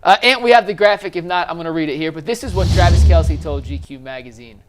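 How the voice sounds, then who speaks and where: A man hosting a casual sports talk show, steering the discussion with quick questions to his co-hosts. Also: fairly high pitch, over music. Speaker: show host.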